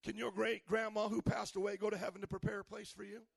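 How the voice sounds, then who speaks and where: High gravelly preacher man. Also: level tone, fast, no echo. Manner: preachy call-and-response questions, rising to shouts. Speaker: pastor. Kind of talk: sermon.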